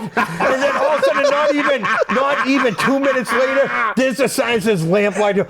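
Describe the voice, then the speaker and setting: A man's voice: very high voice, brisk, hardly any pauses, very noisy. A man telling a long comic story as a podcast guest, packing his talk with "and everything like that.". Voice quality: filler-heavy, repeats "and everything".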